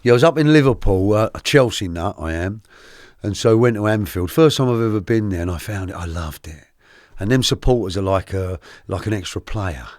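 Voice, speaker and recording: A middle-aged man, a podcast guest telling his life story candidly, animated and often restarting his sentences. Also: on the low side, no room sound, studio quality. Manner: animated, halting with many restarts.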